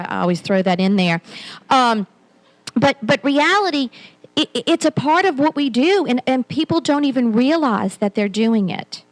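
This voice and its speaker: A woman's voice: a little high, rough recording. A woman in her forties giving a candid, self-deprecating keynote talk at a conference, with many restarts. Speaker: keynote speaker. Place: conference hall.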